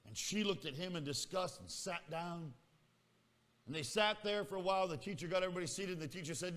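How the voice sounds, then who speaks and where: A man's voice: sits high, lively intonation, brisk, fairly bright tone, long reverb tail. A man preaching a sermon at a camp meeting, telling a story with acted-out voices and teasing asides to the congregation. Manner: storytelling, acts out the people in the tale. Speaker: pastor.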